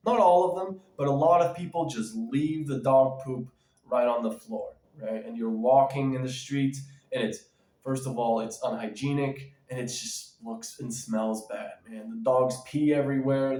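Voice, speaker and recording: A man's voice: medium pitch, mellow. A man ranting casually in a vlog, rambling and emphatic, with lots of fillers and restarts. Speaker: vlogger. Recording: echoey room.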